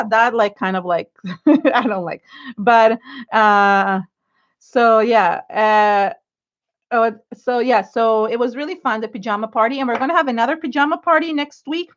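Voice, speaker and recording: Her voice is a little high and fairly bright, with a measured pace: a middle-aged, Hebrew-speaking woman with an Israeli accent, frankly and effusively chatting to art livestream viewers as she inks. She rambles with many fillers and restarts, and the stream's audio is dull and lo-fi.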